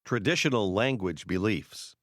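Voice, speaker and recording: Male course narrator, deep, lively pitch, measured, dry studio sound. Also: dry recording. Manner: measured, explanatory delivery. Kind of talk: scripted language-course narration.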